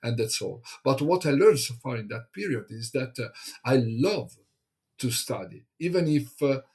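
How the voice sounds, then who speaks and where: A man from Italy, an English speaker, chats as a guest in a hesitant, halting way, full of fillers and restarts. His voice is husky and a little breathy. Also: medium pitch, lively intonation, darkish tone. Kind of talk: casual conversation.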